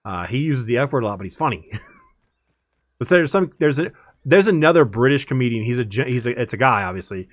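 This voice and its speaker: A man's voice: mid-range voice, expressive, fast, dry recording. Chatty man streaming, dry sound. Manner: rambling, chatty, laughs often. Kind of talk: casual chat while gaming.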